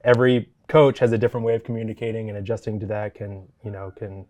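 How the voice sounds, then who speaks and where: A soft-spoken man co-hosts a throws coaching show with a low voice. He hedges often, trailing off and filling pauses while he thinks. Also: steady tone. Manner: hesitant, many fillers, soft-spoken. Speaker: throws coach, podcast co-host. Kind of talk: casual sports chat.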